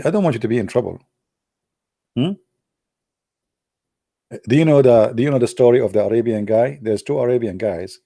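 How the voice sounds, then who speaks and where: A man's voice: lowish voice, warm tone, dry recording, clean studio sound. A man from the Arab world giving casual joking commentary with teasing asides. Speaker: vlogger.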